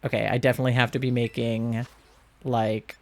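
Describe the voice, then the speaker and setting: A young man streaming a game live, gushing excitedly and cooing over cute creatures in casual commentary. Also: mid-range voice, fairly quick, vocal fry.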